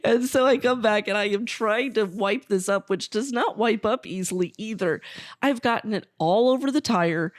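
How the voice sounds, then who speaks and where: A woman co-hosting a casual podcast, her voice sitting mid-range and recorded close and dry. She tells stories in an animated way and swears without a second thought. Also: medium pitch, moderate pace, no echo. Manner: animated storyteller, swears freely. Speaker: podcast co-host. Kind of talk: casual storytelling chat.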